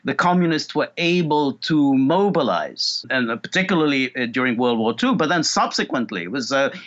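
A man, a guest analyst in a political interview, speaking haltingly with many fillers and repeats. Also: mid-range voice, expressive, a bit bright, highs cut off.

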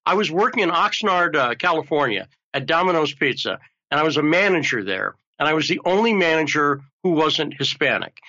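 A man's voice: fairly high pitch, sing-song, fairly quick, bright, forceful tone. A man hosting a talk show, chatting in a joking, rambling way. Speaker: show host. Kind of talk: casual talk show chat. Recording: lo-fi muffled audio.

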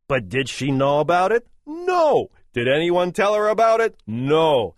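Sardonic middle-aged radio host. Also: male voice, fairly high pitch, wildly swooping pitch, a little slow, hardly any pauses, no echo, clean studio sound. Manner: sardonic, opinionated. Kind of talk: radio talk show.

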